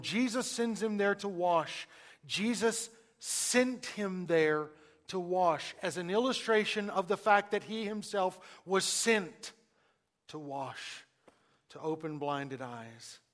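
A man preaching a sermon, who asks the congregation questions and uses dramatic pauses, moving between loud emphasis and near-hushed lines. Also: high-pitched, big-room sound. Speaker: pastor.

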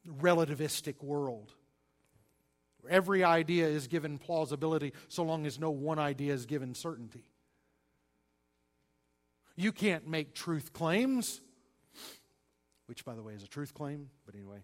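A man preaching a sermon, stressing single words and swinging between loud and quiet delivery. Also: a little high. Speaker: pastor.

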